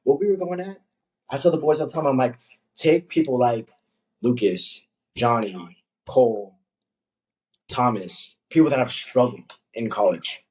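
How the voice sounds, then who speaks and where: A young man, a coach, chatting casually on a podcast, telling animated stories and acting out what people said. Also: medium pitch, measured pace, pauses often, breathy edge, rough recording. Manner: animated storytelling, acts out quotes.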